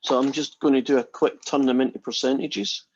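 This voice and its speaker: A man's voice: mid-range voice, fairly even intonation, a little fast, a little mellow, muffled recording, slight background noise. A male math instructor lecturing casually and telling a long joke to his class in a chatty, storytelling way.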